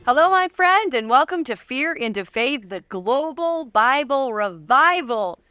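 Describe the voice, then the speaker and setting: A woman's voice: high-pitched, sing-song, measured pace, sharp tone, clean tone, dry recording, clean studio sound, soft background music. A woman hosting a casual faith interview, bubbly and encouraging, laughing often. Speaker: host.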